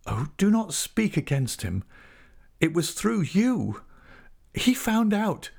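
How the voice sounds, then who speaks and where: A man's voice: very animated, slow, gravelly, darkish tone, exaggerated voice. Guy putting on a young woman, pleading and upset, voice jumps around a lot. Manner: pleading, higher, earnest.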